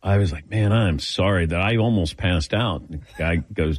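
A man hosting a talk show, telling stories in a casual, animated way and acting out the dialogue. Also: low voice, normal speed, slightly rough, no room sound. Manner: animated storyteller, acts out dialogue with laughs. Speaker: radio show host.

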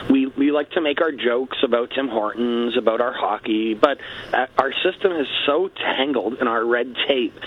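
Canadian male radio guest, lively and mock-earnest, a bit lo-fi. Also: mid-range voice, a little hiss or hum. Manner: animated, mock-earnest, repeats "let's be honest". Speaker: satirical political guest. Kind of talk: comedic radio talk interview.

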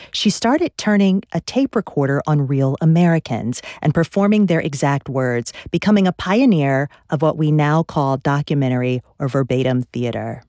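A radio interview host reading a prepared introduction in a measured, clear way, then asking the guest questions. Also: mid-range voice, a little mellow, no echo, clean studio sound.

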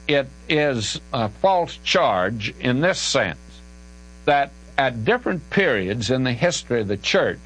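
An older man with a drawl answers a listener's Bible question, his voice rising and falling in lively swings. He talks in an emphatic, folksy way and slows down to lean on key words. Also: mid-range voice, poor audio. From American South. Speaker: Bible teacher.

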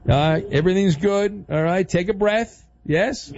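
A man's voice: high voice, unhurried, a little mellow, no echo, lo-fi sound. A man hosting a sports talk radio show, talking in a playful, teasing way.

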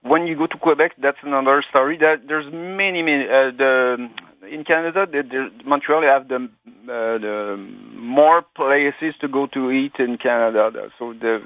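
A man calling into a radio show, speaking haltingly with many restarts. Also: medium pitch, no echo. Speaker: caller. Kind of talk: phone-in chat. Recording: tinny phone line.

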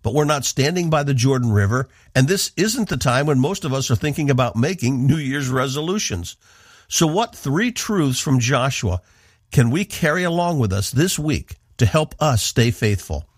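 A man from the northeastern United States, hosting a radio program with earnest, measured devotional Bible teaching. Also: mid-range voice, lively intonation, no room sound, studio quality.

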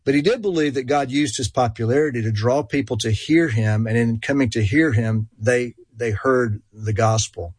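A man's voice: mid-range voice, moderate pace, few pauses, a little mellow, husky, dry recording. A man with a country Georgia accent, speaking as a guest expert on a call-in radio talk show, with many fillers and restarts. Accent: rural Georgia. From Georgia, USA.

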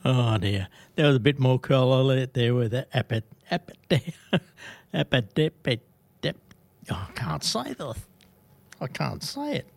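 A man chatting in an amused, halting way and stumbling over his words. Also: mid-range voice, big pitch swings, vocal fry, darkish tone. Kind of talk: casual chat.

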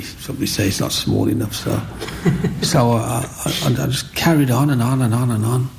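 A man's voice: medium pitch, moderate pace, background noise. A middle-aged man, telling his life story as an interview guest, earnest and repetitive. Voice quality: gravelly. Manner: earnest, repeats words, acts out quotes.

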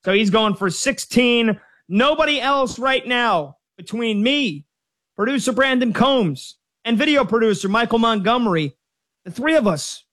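A man hosting a casual sports show with upbeat, quick patter. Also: extremely high pitch, a bit bright.

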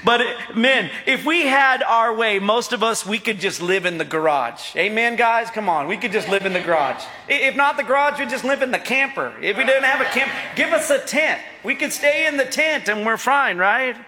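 Middle-aged guy pastor preaching, high bright voice, keeps asking "right, guys?", echoey hall. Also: expressive, normal speed, hardly any pauses. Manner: jokey, asks the congregation for responses. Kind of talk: sermon.

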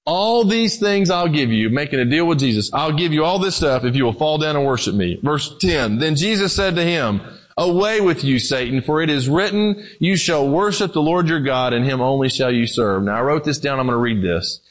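A man preaching a sermon in a conversational way, moving between loud emphasis and quiet, low passages. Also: lively intonation, a little fast, poor audio.

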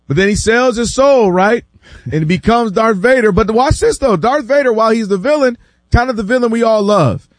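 A man hosting a casual sports debate, animated and acting out quotes from other people, often repeating words as he builds his point. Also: extremely high pitch, a little fast, no echo, clean studio sound. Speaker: sports talk show host.

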